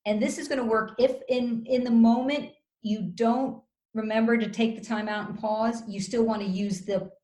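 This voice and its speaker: A woman working as a communication coach gives advice in an interview, in a measured, instructive way. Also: fairly high pitch. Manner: measured, instructive, acts out calm example phrases. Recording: roomy echo.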